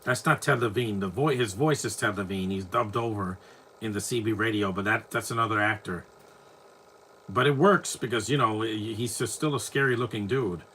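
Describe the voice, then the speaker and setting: A man's voice: lowish voice, normal speed, fairly bright tone, a little hiss or hum. A man giving casual live movie commentary at home, rambling with frequent restarts and self-corrections. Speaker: film commentator.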